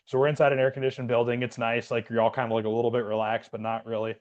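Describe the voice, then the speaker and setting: A man's voice: mid-range voice, little pitch movement, racing, darkish tone, dull audio. Rambling man telling a story. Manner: rambling, many fillers and restarts. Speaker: podcast co-host, Air Force veteran. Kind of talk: casual storytelling chat.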